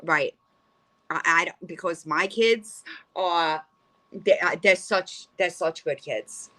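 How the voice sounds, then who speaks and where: A woman's voice: fairly low pitch, slow, sharp tone. A middle-aged woman hosting a livestream, ranting bluntly and profanely and rambling with frequent restarts. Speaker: livestream host. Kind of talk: casual livestream rant.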